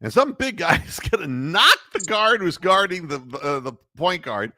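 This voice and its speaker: Male sports radio host, casual chat, lively swooping pitch, mocking, dry close sound. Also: normal speed, no room sound. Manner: animated, mocking, laughs while talking; puts on announcer and referee voices.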